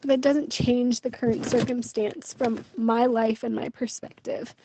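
A woman's voice: on the high side, steady tone, unhurried, noisy background. A young woman venting her frustration in a personal video diary, emotional and full of fillers. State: pregnant. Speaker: vlogger.

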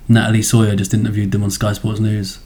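A man's voice: fairly low pitch, monotone, fast, warm tone. A British man co-hosting a podcast, giving laid-back, opinionated takes and mocking things dryly. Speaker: podcast co-host. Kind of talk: casual chat.

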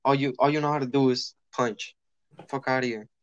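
A man's voice: mid-range voice, brisk, dry recording, dull audio. A young man chatting casually, swearing freely and telling a story while acting out the people in it. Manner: animated, swearing, acts out quoted people.

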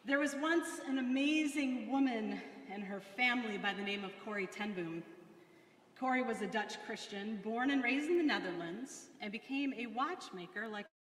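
A woman leading a short prayer and reading a story aloud in an earnest, measured way. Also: on the high side, fairly bright tone. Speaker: devotional reader. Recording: long hall reverb.

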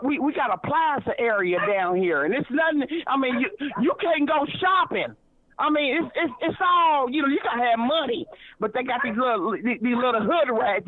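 A woman's voice: high-pitched, dry recording. A woman from Kansas City, Missouri, calling in to a radio show, rambling and stumbling over repeated words. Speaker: caller. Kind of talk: radio call-in chat. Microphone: phone. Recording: tinny phone line, dry.

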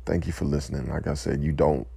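A man speaks in a very deep, gravelly voice with a husky edge. He is tired and emotional, close to tears, and stops now and then to steady himself. The sound is close and dry. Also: no room sound. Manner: impassioned, weary, pauses to collect himself. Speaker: speaker addressing listeners. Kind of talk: emotional impassioned speech.

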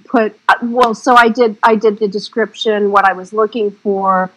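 A woman's voice: medium pitch, steady tone, normal speed, a bit bright, poor audio. Woman director, casual interview, chatty and rambling with a frank, salty streak. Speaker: independent film director.

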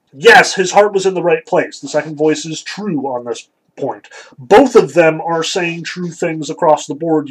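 A man's voice: a little high, husky, low-quality recording. A man giving a lecture, reading and analyzing passages from a story in a thoughtful, explanatory way with frequent ums and likes. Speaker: literature lecturer.

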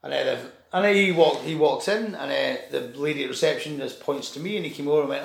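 A man's voice: on the high side, quick pace, hardly any pauses. A man telling a rambling anecdote in casual chat, swearing and acting out the people in it. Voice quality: gravelly. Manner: rambling, restarts, swears, acts out voices in anecdotes. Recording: echoey room.

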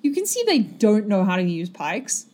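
A woman running a tabletop game as game master, describing the scene in a relaxed way with many fillers. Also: mid-range voice, normal speed.

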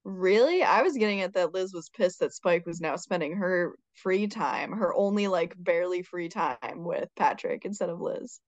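A woman's voice: lowish voice, animated, moderate pace, hardly any pauses, dry recording. A woman co-hosting a podcast, chatting in a playful, opinionated way. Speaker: podcast co-host. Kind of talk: casual chat. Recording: dry, dull lo-fi mic.

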